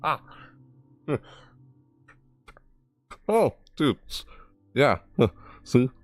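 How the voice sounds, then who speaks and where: A young man giving live reaction commentary, rambling and excitable, often breaking into laughter. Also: mid-range voice, extremely slow, no echo, soft background music. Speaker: reaction streamer.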